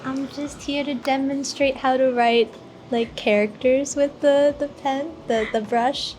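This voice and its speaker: A woman's voice: high-pitched, fairly even intonation, measured pace, darkish tone, soft background music. Hesitant woman with lots of fillers. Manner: hesitant, filler-heavy, repeats words. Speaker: guest helper. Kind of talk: casual demonstration.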